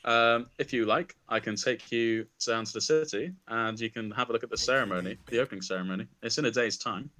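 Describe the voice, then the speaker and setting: A man's voice: medium pitch, fairly quick, hardly any pauses, sharp tone, natural voice. A man voicing a polite woman recruiter, a former tournament champion, in his own plain voice with plenty of ums and uhs. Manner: hesitant, many ums and uhs.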